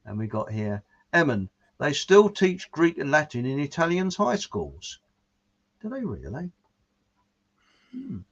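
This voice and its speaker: A man's voice: fairly high pitch, wildly swooping pitch, a little slow, pauses often. A man hosting a casual chat, reading out viewer comments in a rambling way and chuckling at his own jokes. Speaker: show host. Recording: muffled lo-fi audio.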